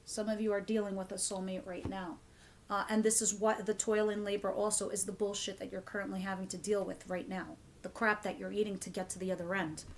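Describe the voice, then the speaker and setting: Casting: female tarot reader, chatty and animated, salty language, average pitch, faint noise behind. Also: brisk. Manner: animated, swears freely, repeats herself. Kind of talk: casual tarot reading to camera.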